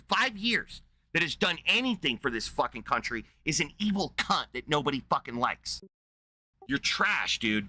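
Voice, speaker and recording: Furious, bright-voiced ranting man. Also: fairly high pitch. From United States. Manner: shouting insults, heavy profanity, combative. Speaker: livestream host ranting at a chat viewer. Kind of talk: angry livestream rant.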